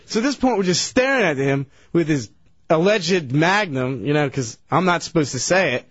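A man's voice: on the high side, lively intonation, moderate pace, husky, no room sound. A tired man telling a rambling story on a radio show, hesitating and restarting his sentences. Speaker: regular guest recounting a story. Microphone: studio radio mic. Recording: dull dry radio broadcast.

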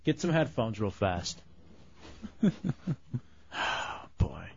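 A man's voice: medium pitch, sing-song, very slow, gravelly, breathy edge, lo-fi sound. Bossy male radio host. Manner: bossy, mocking, gives orders. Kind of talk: bantering talk radio. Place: radio studio.

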